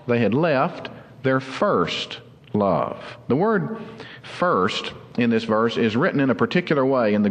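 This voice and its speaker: Earnest pastor preaching in a reverberant hall. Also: male voice, medium pitch. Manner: earnest, explanatory, slows down for emphasis. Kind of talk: sermon.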